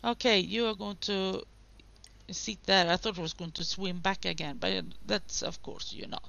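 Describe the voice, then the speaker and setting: A woman's voice: mid-range voice, fairly even intonation, normal speed, gravelly, fairly bright tone, muffled recording. A woman hosting a gaming video, giving casual commentary and chatting to the game characters.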